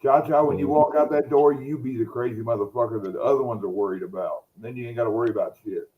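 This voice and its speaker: Man, mid pitch, folksy tough talk, muffled lo-fi call audio. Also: quick pace. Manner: folksy, tough-talking, joking. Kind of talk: casual group chat. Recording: dull lo-fi audio.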